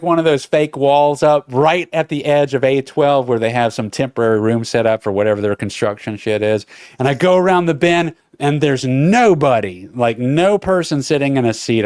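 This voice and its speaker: A man co-hosting a podcast, telling a story in casual chat with an animated manner and some swearing. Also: mid-range voice, moderate pace, clean tone, no echo, studio quality. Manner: animated, swearing, breathless retelling. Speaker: podcast co-host.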